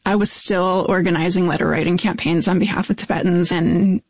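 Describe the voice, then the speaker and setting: Gravelly, earnest middle-aged woman. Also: lowish voice, fairly even intonation, brisk, darkish tone, no room sound. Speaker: activist. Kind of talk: reflective personal narration.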